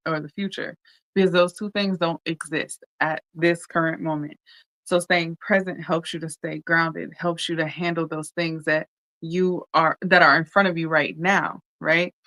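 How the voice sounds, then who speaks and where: A podcast host in a heartfelt solo talk, speaking openly and directly to the audience and often asking "right?" between thoughts. The voice is smooth and resonant. The recording is close and dry, with no room sound. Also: mid-range voice, pushed and bright, dry recording, poor audio. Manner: candid, talks straight to listeners, often checks in with "right?"; pauses with frequent ums. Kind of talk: casual heartfelt podcast monologue.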